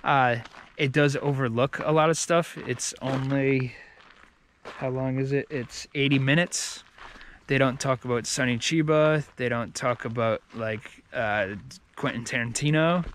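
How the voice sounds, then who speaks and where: A man's voice: mid-range voice, steady tone, a little slow, a bit bright, slight background noise. A man giving a casual, rambling movie review, with many fillers and restarts.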